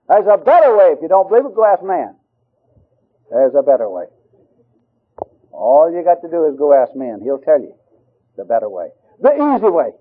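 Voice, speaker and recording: A man preaching an impassioned sermon, dropping to low murmurs and rising to high pleading cries. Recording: tinny phone-like radio broadcast.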